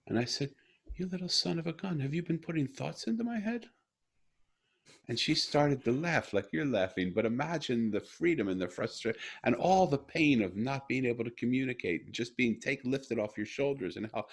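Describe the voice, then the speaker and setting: A man's voice: mid-range voice, breathy edge. A middle-aged man in an earnest casual conversation, telling a personal story. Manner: earnest, animated when retelling. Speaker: guest.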